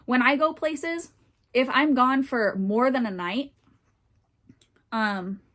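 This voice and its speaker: A podcast host speaks in a high, slightly bright voice, taking her time as she reacts casually to online posts. She sounds a little winded and tired, rambling somewhat and filling her talk with plenty of fillers.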